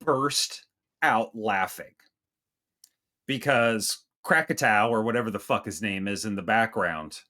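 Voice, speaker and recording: A man's voice: lowish voice, measured pace. A man co-hosting a casual comedic movie review, talking crudely and swearing, slipping into mocking impressions. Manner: crude, animated, mocking spooky voices. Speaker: podcast co-host.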